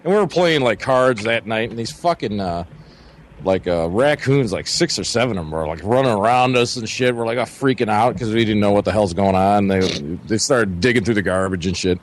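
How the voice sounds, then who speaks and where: A man's voice: fairly low pitch, lively intonation, a little fast, slight background noise. A man telling a long camping story in a casual, profane, rambling way, often acting out his friends' voices. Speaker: podcast co-host.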